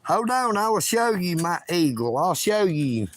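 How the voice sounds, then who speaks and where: Man, high voice, slow delivery, loud, emphatic, livestream rambling. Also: big pitch swings. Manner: loud, emphatic, self-promoting. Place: his bedroom at home.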